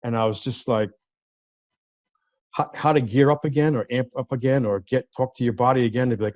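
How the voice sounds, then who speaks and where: A man's voice: medium pitch, brisk, dry recording. A man, a lawyer, telling a personal story as an interview guest, acting out the voices of people he quotes. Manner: animated storyteller who acts out quoted voices. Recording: dry, slightly dull sound.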